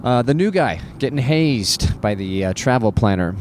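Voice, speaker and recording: A male comedian rants sarcastically in a middle-pitched voice and keeps jumping up into high disbelieving tones. A faint noise hangs under the recording. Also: moderate pace. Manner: animated and sarcastic, jumps into high incredulous squeaks. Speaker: cruise ship entertainer. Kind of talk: comic storytelling rant.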